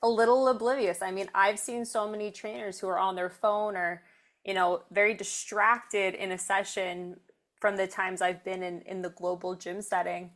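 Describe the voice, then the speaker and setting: A woman's voice: medium pitch, little pitch movement, normal speed, a bit bright. A woman hosting a podcast, a strength coach giving earnest, encouraging advice in casual conversation. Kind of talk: casual interview chat.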